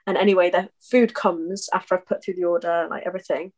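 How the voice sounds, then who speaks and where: A woman's voice: on the low side, steady tone, fast, a little mellow. Chatty young woman telling stories. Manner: rambling anecdotes with many ums. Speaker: podcast co-host. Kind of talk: casual chat.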